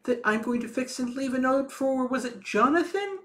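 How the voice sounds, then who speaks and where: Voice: high voice, lively intonation, normal speed, fairly bright tone, slight background noise. A player speaking in character as a flustered museum keeper in a tabletop role-playing game.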